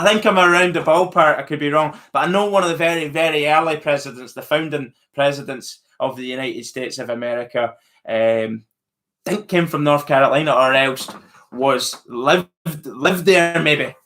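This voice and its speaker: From Scotland, this channel host answers live chat in a medium-pitched, fairly bright voice. His casual musing to viewers is full of fillers and restarts, and he speaks with a Scottish accent.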